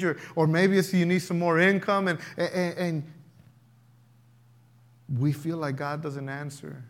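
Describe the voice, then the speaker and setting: A man's voice: a little high, fairly even intonation, unhurried. A man preaching a sermon to his church, building emphasis in waves and acting out prayers and everyday objections. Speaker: pastor.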